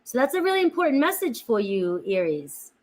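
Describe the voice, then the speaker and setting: A woman's voice: fairly high pitch, very animated, a little fast, poor audio. A woman chatting casually with viewers while giving a tarot reading, calling out each sign and greeting people by name. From Florida, USA. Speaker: tarot reader.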